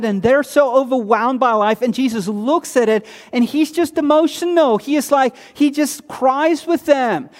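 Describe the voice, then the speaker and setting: A male pastor with a high voice gives a sermon in plain, chatty language. He asks his listeners questions and answers them himself, sinking low and quiet on the words he stresses. The long reverb of a church hall trails after him. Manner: conversational preaching with rhetorical questions, dropping low on key words.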